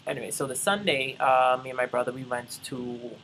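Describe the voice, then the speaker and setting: Chatty young vlogger, gravelly and bright. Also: mid-range voice, steady tone, brisk, slight background noise, poor audio. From Bahamas. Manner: chatty, addresses viewers as y'all, rambling asides. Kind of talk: casual travel vlog storytelling.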